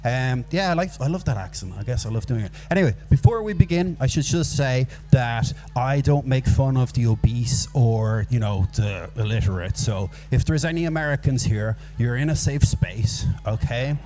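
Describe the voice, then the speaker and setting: Irish comedian with a warm, mellow voice. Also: male voice, mid-range voice, normal speed, few pauses. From Ireland. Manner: rambling, self-mocking, puts on silly voices for quoted people. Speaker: stand-up comedian. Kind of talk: stand-up comedy set. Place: live comedy venue with audience. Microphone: handheld microphone.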